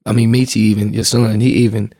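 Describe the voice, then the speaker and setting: A young man and father, a guest speaking in a relaxed, earnest and soft-spoken way. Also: fairly low pitch, fast talker, no room sound, studio quality. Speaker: guest, father and youth baseball mentor. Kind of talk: casual conversation.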